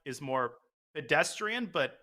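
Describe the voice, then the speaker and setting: A man commentating live chess, excitedly calling out moves and lines in quick bursts. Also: a little high. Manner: excitable, calls moves rapid-fire.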